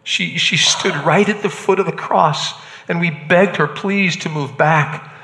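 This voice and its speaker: A man acting a hardened Roman centurion shaken by an execution, talking haltingly and repeating words, in a church drama. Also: a little high, steady tone, sharp tone, big-room sound, slight background noise. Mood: grave, shaken.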